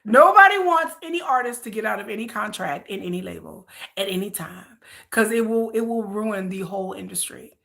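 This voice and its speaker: A woman's voice: mid-range voice, expressive, fairly quick, creaky, pushed and bright. A woman vlogger chatting casually on a livestream, rambling and repeating herself as she answers viewer comments.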